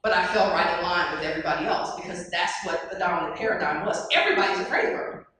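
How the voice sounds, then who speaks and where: A woman's voice: lowish voice, fast. A woman giving a motivational talk to a live audience, telling stories and asking the crowd questions. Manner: lively storyteller, asks the audience questions. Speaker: keynote speaker. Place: large hall. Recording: echoey hall from far off.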